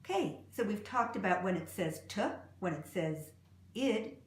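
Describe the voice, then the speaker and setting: A woman teaching English pronunciation, saying example words slowly and clearly and repeating them. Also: medium pitch, lively intonation, echoey room, slight background noise. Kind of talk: slow, deliberate pronunciation lesson.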